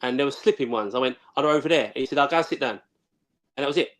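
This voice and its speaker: A man's voice: medium pitch, fairly bright tone. A man, a former footballer telling stories as a guest in a casual chat, blunt and full of swearing and restarts. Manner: rapid, blunt, swears freely, many restarts. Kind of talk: casual storytelling.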